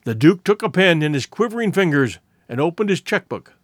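A man narrating a classic story in audiobook style. His voice is fairly high and very lively in pitch. The recording is close and dry. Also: brisk, hardly any pauses, no room sound.

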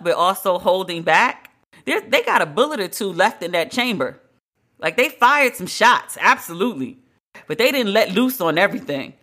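Woman doing a solo podcast, bright edgy voice, blunt and emphatic, stretches out her big words. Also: mid-range voice. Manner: emphatic, blunt and conversational, drawn-out stresses. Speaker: podcast host.

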